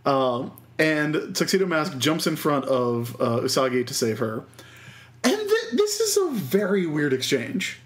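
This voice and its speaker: A man co-hosting a laid-back podcast, cracking deadpan jokes while recapping an episode. His voice is a touch higher than most men's. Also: unhurried. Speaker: podcast co-host. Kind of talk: casual chat recapping an anime episode.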